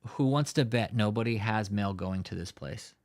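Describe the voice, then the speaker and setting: A man's voice: on the low side, normal speed. A man hosting a live stream, talking in a heated, profane rant and often swearing. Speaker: livestream host. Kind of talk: angry live-stream commentary.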